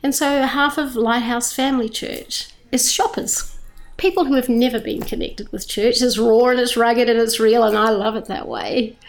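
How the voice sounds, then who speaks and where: A woman's voice: fairly high pitch, steady tone, normal speed, creaky, slight background noise. A middle-aged Australian woman, a church leader who runs a food charity, telling her story with enthusiasm and emphasis in an interview. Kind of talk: interview testimony.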